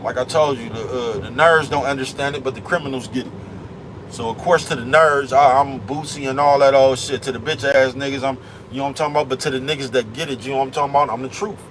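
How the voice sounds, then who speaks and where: A man's voice: medium pitch, fairly even intonation, fast talker, fairly bright tone, slight background noise, poor audio. A man vlogging in a casual rant, full of street slang and the same catchphrase over and over. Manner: streetwise slang, repeats "you know what I'm talking about".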